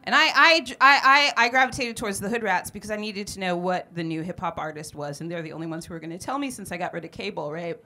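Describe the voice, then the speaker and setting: Brash, animated woman comic storyteller. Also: lowish voice, quick pace, hardly any pauses. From San Francisco. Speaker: comedian. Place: bar venue stage before a live audience.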